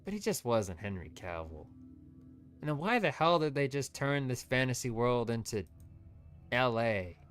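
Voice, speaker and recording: A man's voice: medium pitch, big pitch swings, moderate pace, fairly bright tone, clear, resonant tone, faint music behind. A man streaming gameplay, ranting with strong opinions in loose, rambling commentary. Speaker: VTuber streamer.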